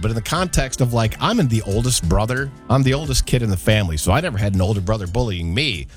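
A man chatting casually, counting down a list and acting out quotes as he tells stories. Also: fairly low pitch. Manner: animated storyteller, acts out quotes.

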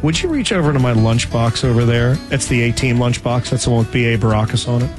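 A man's voice: mid-range voice, quick pace, over music. A man hosting a radio morning show, joking and playful in casual banter.

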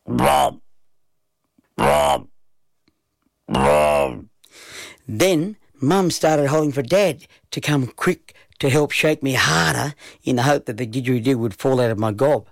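Male storyteller, unhurried, fry in the voice, mid pitch. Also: no room sound. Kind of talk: children's story narration.

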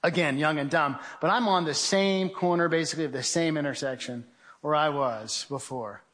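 A middle-aged man telling a vivid personal story to a crowd, with a fairly high-pitched voice. He acts out his own shouts and calls his listeners guys. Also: normal speed. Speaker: speaker giving a testimony presentation. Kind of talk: dramatic spoken testimony to a live audience.

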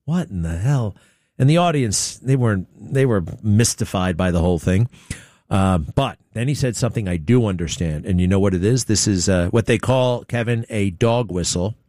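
A man's voice: on the low side, animated, moderate pace, warm tone, dry recording, studio quality. A man hosting a talk radio show, rambling through opinionated commentary with mocking, sarcastic asides.

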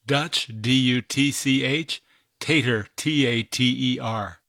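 A man's voice: mid-range voice, slow pace, gravelly, fairly bright tone, no echo. A man hosting a radio word puzzle, spelling out each word letter by letter and encouraging the player. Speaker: puzzle master.

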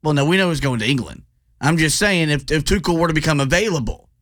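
A man's voice: fairly high pitch, fast talker, a bit bright. A man co-hosting a sports radio show, chiming in with dry wisecracks.

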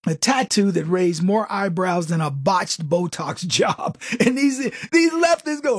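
A man's voice: high-pitched, animated, measured pace, husky, no echo, studio quality. A man delivering a sarcastic, folksy political commentary monologue full of joking asides.

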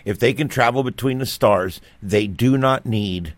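A man's voice: mid-range voice, measured pace, no room sound. A man co-hosting a talk radio show, speaking matter-of-factly with dry jokes. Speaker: radio co-host. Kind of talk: casual radio banter.

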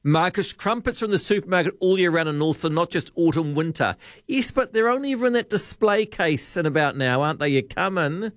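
A man's voice: fairly high pitch, lively intonation, fairly quick, a bit bright, no echo. A man hosting a talkback radio show, rambling and joking as he thinks aloud at a studio microphone. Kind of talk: casual radio chat.

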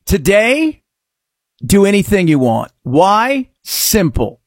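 Man, talk radio host, sarcastic, mocking, lively pitch swings. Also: slow, no echo, studio quality. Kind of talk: opinion talk radio monologue.

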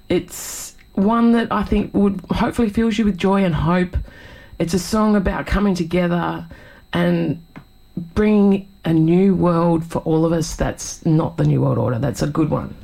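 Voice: mid-range voice, gravelly, darkish tone, low-quality recording. A co-host chatting casually on a radio show in a chatty, upbeat manner. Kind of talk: casual on-air chat.

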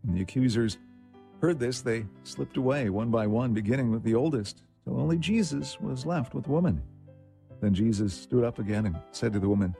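A man reading a short story aloud in a scripted, expressive way. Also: medium pitch, fairly quick, vocal fry. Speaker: story segment reader. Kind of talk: scripted narration. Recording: faint instrumental music behind.

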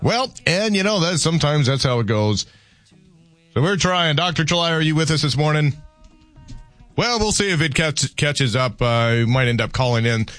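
A man's voice: on the high side, expressive, normal speed, fairly bright tone, soft background music. A man hosting a morning radio show, chatting casually with many restarts and jokes. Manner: rambling, many restarts, joking. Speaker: radio host. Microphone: studio microphone.

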